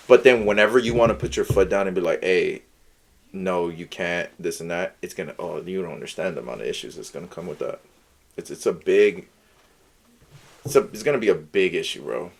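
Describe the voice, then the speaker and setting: Deep-voiced laid-back young man. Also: brisk, vocal fry. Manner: laid-back slangy talk, lots of "like" and "bro". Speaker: podcast co-host. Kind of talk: casual chat.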